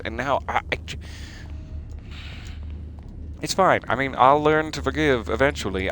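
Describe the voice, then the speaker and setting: A man's voice: medium pitch, a bit bright. A man voicing a theatrical, easily offended poisoner who brews tea, melodramatic and wounded.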